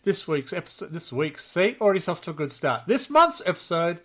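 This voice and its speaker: Upbeat Australian male podcast host, high and bright, self-mocking humor. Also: sing-song, a little fast. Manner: jokey, laughs often, self-deprecating. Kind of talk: casual podcast chat.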